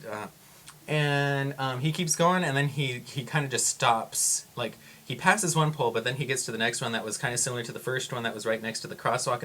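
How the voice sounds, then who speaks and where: Excitable rambling male vlogger. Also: mid-range voice, slight background noise. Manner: rambling and excitable, with frequent exclamations. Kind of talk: casual storytelling to camera.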